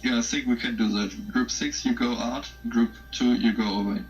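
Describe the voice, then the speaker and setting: A man in a game voice chat, helping sort players into groups with some hesitant pauses. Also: mid-range voice, steady tone, recorded from a distance, faint music behind. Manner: sorting out groups, hesitant fillers. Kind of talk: casual voice chat while gaming. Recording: muffled voice-chat audio.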